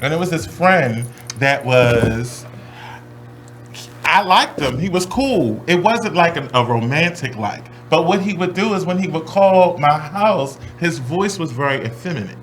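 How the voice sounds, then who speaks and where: A man's voice: fairly high pitch, lively intonation, a little slow, a bit bright, slight background noise. A man hosting a talk show, telling a story with drama and laughter and putting on voices for the people in it. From Baltimore. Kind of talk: animated storytelling.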